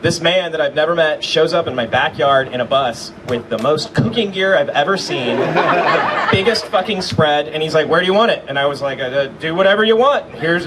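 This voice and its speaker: A man's voice: a little high, fairly quick, fairly bright tone. A man telling a self-deprecating, laid-back story to a crowd at a memorial. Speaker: speaker at a memorial. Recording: distant mic with background noise.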